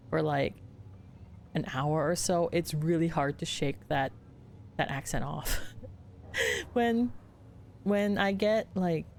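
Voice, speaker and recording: A woman's voice: low voice, darkish tone, a little hiss or hum. A woman from the Philippines chatting casually as a streamer, rambling with restarts and laughs. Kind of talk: casual chat while gaming.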